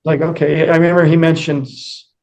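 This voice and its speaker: A man's voice: fairly high pitch, level tone, a little fast, creaky, a little mellow. A man, a musician guest in an interview, telling rambling anecdotes with many fillers and acted-out quotes. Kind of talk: casual storytelling interview.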